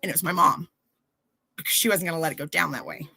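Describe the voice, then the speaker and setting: Bright-voiced woman telling her story. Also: deep voice, quick pace, creaky, breathy edge, dry recording, low-quality recording. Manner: animated, acts out quoted voices. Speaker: podcast guest. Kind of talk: candid personal storytelling.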